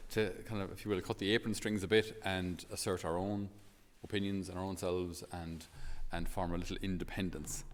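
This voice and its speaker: A man's voice: deep voice, little pitch movement, a little fast, few pauses, in a large hall. An Irish man, a priest, giving a homily in a chatty, storytelling way with many fillers.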